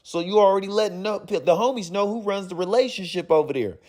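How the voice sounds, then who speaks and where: A young adult man, giving comedic, mocking commentary while reading chat messages aloud in animated bursts. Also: high voice, fast, few pauses. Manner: animated, mocking, rhyming riffs. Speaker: gaming commentator reading chats.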